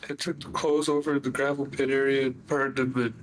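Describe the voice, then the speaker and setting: Halting man recounting events to police. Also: mid-range voice, flat delivery, a little hiss or hum, rough recording. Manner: halting, rambling, filler-heavy. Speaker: suspect confessing. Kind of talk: police interview confession.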